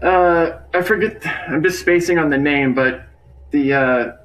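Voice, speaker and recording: A man in a casual podcast chat about a movie, jokey and unhurried, trailing off mid-thought. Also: on the high side, fairly bright tone, dull audio. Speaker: podcast co-host.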